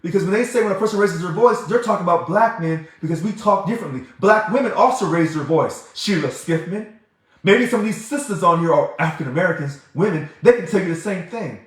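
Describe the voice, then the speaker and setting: A man's voice: high voice, expressive, fast. A man hosting a livestream and answering viewer comments in an emphatic, heated way. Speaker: livestream host. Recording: very echoey room.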